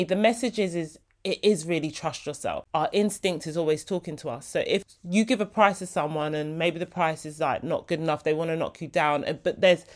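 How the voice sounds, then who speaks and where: A young woman, hosting a casual solo podcast in a chatty, heartfelt way. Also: fairly low pitch. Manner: chatty, heartfelt, slips into quoted voices. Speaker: podcast host.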